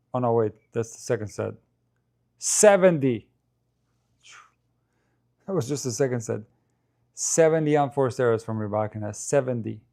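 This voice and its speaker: A man's voice: mid-range voice, vocal fry, warm tone. Man chatting through live match commentary. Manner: chatty, thinks aloud, addresses viewers.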